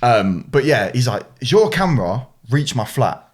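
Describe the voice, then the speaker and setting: Young male podcaster, animated storyteller with a wide pitch range and mid-height voice. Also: normal speed. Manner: animated, sweary, dramatic pitch swings. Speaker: podcast co-host. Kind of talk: casual storytelling chat.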